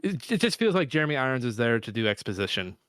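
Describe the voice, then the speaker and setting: A man co-hosting a casual movie review podcast, excitable and swearing for emphasis. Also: mid-range voice, quick pace, smooth, dry recording, studio quality. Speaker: podcast co-host. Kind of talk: casual film review chat.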